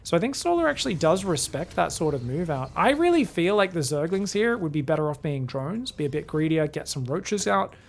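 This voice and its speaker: A man's voice: a little high, very animated, brisk, creaky, few pauses. A man casting a game live on his own, chatty and rambling, talking straight to his viewers. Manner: chatty, rambling, talks to chat. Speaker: game caster. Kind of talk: live solo game commentary.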